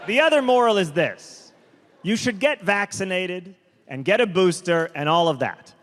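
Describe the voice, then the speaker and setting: A man performing a stand-up comedy set on stage, telling stories deliberately and drawn out, with quick asides. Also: sits high, expressive, a bit bright. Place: large theater stage. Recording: live comedy hall with long reverb, faint crowd noise.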